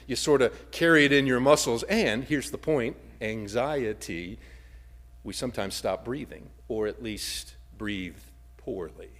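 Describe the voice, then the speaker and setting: A man preaching a sermon. His delivery swings from loud emphasis down to a near-whisper. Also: mid-range voice. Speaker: pastor.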